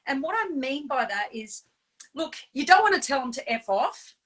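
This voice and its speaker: A woman with a high, bright voice hosts a casual live stream over a call. She talks animatedly and laughs often. Fillers and restarts run through her speech. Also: sing-song, normal speed, a little hiss or hum, rough recording. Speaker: stand-in host of a live show. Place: on Bribie Island.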